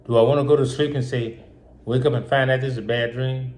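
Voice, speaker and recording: A man's voice: medium pitch, fairly even intonation, normal speed, pauses often, a little mellow. Upset man in a political monologue. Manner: repetitive, rhetorical questions, emotional. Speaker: host.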